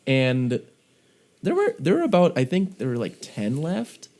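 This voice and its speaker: A man's voice: mid-range voice, wildly swooping pitch, unhurried, darkish tone. A man co-hosting a podcast, telling a story in a chatty, casual way from his own remote setup. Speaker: podcast co-host. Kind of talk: casual chat.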